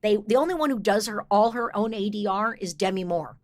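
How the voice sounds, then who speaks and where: A woman voice actor talking as a podcast guest, enthusiastic and quick with asides, often restarting her thoughts. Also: mid-range voice. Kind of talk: casual interview chat.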